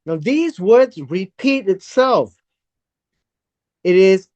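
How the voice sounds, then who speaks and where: A Bible study teacher who reads verses aloud and explains them word by word in an unhurried teaching style. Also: medium pitch, very animated, a little mellow, muffled recording.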